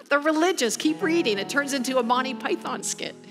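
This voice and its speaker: Woman preacher, high voice, emphatic and playful sermon delivery with frequent laughter. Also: brisk, over music. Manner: animated, emphatic, laughs often while preaching. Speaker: guest preacher.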